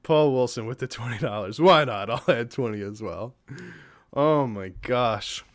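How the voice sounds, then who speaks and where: A man in the middle of a relaxed live stream, chatting straight to his viewers in an earnest, gushing way. His voice sits at an ordinary middle pitch, and his words tumble out with frequent restarts and repeats. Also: measured pace. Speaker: streamer and reaction host. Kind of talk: casual live-stream chat.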